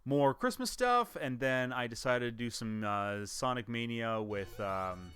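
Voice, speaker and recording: A man's voice: mid-range voice, animated, a little slow, a bit bright, soft background music. A man, a gaming YouTuber, chatting casually to camera about his year, rambling with restarts and chuckles.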